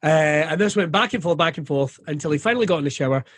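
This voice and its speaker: Sweary, animated Scottish man. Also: a little high, fast, dry recording. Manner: animated, sweary, acts out quoted voices. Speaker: comedian guest. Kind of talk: candid conversational interview.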